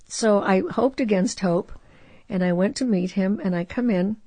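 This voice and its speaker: A woman in her eighties, a guest actress telling stories in an expressive, animated way in a casual conversation. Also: mid-range voice, normal speed, no echo. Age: 80s. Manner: animated storyteller, warm and expressive. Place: host's garage studio.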